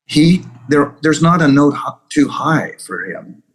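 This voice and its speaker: A man's voice: fairly high pitch, lively intonation, a little slow, slightly rough, low-quality recording. A man being interviewed as a guest musician, talking loosely and rambling with many restarts. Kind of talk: casual interview chat.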